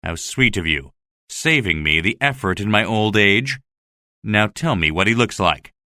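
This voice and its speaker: A cruel, jealous masked man speaks low and mocking, as a male reader voices him. The storybook reading has a bright edge and sounds close and dry. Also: expressive, unhurried, dry recording, heavily acted.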